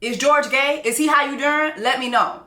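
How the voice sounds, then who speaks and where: Woman host, brash and animated recapper, bright tone, echoey room. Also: high voice, normal speed. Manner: brash, profane, animated storytelling. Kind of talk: casual show recap.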